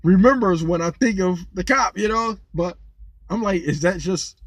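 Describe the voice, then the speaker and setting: A man's voice: high voice, moderate pace, no echo. A man talking casually to camera, venting and telling stories in a rambling way, often repeating words. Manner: lively, incredulous when telling funny stories. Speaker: vlogger, former rideshare driver.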